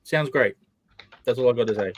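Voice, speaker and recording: A man's voice: mid-range voice, fairly quick. A man hosting a casual live-stream chat, chatty and self-mocking. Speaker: host.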